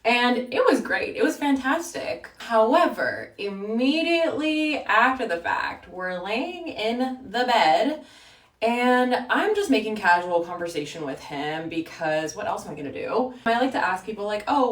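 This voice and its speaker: A young woman in her twenties telling a storytime while getting ready, chatty and animated, full of "like". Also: mid-range voice, echoey room, far from the mic. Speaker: vlogger.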